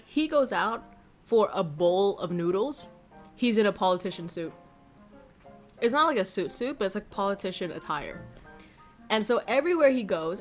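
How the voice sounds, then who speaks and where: A woman streamer in casual chat who laughs often and swears casually. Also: medium pitch.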